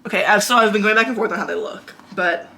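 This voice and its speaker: A woman's voice: medium pitch, fast talker, gravelly, pushed and bright, a little hiss or hum, poor audio. A young woman chatting casually in a vlog, out of breath, rambling with lots of likes and restarts. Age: young adult. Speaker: vlogger.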